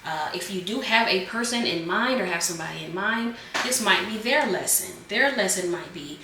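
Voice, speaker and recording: A woman doing a casual tarot reading, a bit hoarse as she is losing her voice, chatting loosely with many fillers. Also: mid-range voice, animated, moderate pace, roomy sound, recorded from a distance, background noise. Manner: chatty, filler-heavy, calls viewers "Geminis". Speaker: tarot reader.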